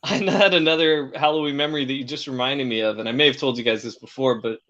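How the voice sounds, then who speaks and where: A man's voice: medium pitch, steady tone, fast talker, a bit bright, lo-fi sound. A man in casual podcast chat, telling a crude, joking anecdote and acting out the screams in it. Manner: joking storyteller, acts out screams. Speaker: podcast co-host.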